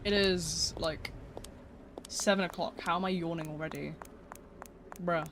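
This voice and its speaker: A man's voice: fairly high pitch, unhurried. A man streaming a game live, chatting casually with his chat, swearing and laughing easily as he plays. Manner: casual, excitable, swears and laughs often while reading chat. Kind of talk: live gameplay commentary. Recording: noisy with mouse and key clicks.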